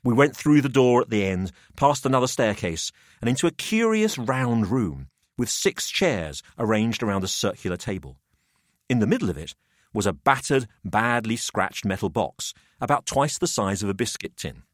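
A man's voice: on the low side, big pitch swings, dry recording, clean studio sound. A man reading a macabre story aloud as narrator. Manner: measured storytelling. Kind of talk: audiobook narration.

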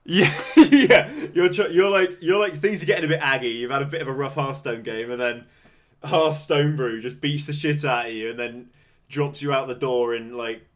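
A man's voice: medium pitch, normal speed. A young English man co-hosting a podcast in casual chat, laughing often and rambling with frequent restarts. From England. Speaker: podcast co-host.

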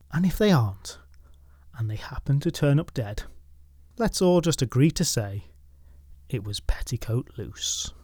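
A man narrating folklore from a script, dropping wry, deadpan asides into the tale. His voice sits fairly high for a man. The sound is dry and close, with no room echo. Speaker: storytelling podcast host.

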